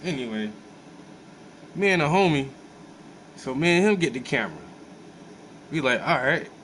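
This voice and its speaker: A man's voice: a little high, normal speed, slight background noise, rough recording. Laid-back man telling a story with slang. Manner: animated, profane, laid-back storytelling with many fillers. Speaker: host. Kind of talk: casual storytelling.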